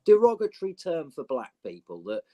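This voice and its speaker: Animated man chatting casually. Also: fairly high pitch, fairly quick. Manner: chatty, animated, says "mate" constantly. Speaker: podcast host. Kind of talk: casual chat.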